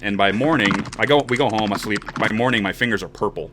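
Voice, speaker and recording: A man in his forties hosting a podcast tells a long personal story casually and with animation, acting out the voices of those he quotes. His voice sits on the low side and he speaks fast, with background noise present.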